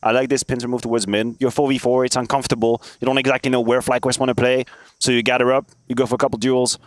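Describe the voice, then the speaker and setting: A man giving analytical commentary on a shooter match, measured with a dry sense of humor. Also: medium pitch, level tone, no room sound. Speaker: esports analyst. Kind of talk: color commentary and banter. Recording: noisy game audio behind. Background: game gunfire and clicks.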